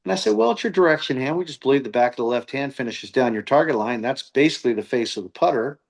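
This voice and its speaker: A man's voice: medium pitch, fast talker, vocal fry. A middle-aged man, a golf coach, telling stories as a podcast guest and acting out the voices of the people he quotes. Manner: animated storyteller who acts out quoted voices. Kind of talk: casual storytelling interview.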